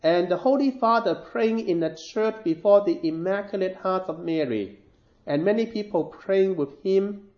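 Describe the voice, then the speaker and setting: An earnest, devout little girl pleads tenderly as a male preacher puts her on, her voice lifted high. The sound echoes around a roomy space and comes through dull. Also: animated, moderate pace, a little mellow.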